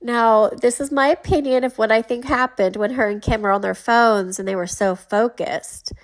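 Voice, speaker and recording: Chatty woman commentator, slightly high. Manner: chatty, explanatory, laughs often. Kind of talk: casual commentary vlog.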